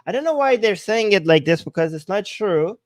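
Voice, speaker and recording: A man's voice: high voice, expressive, a little fast, no echo. A man giving casual commentary, translating Persian video clips aloud and laughing often. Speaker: political commentator.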